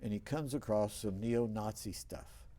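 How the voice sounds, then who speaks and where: Casting: older male talk show host, low voice, mellow tone, anecdotal and rambling. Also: a little slow. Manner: rambling, anecdotal, with many restarts. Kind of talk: casual storytelling interview.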